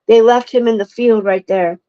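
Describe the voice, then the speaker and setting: A woman's voice: on the high side, fairly even intonation, normal speed, mellow, dry recording. Indignant woman reading true crime news. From Ohio, United States. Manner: emotional, indignant, talks to her viewers, stumbles over words. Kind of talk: casual true crime commentary. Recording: dull lo-fi dry sound.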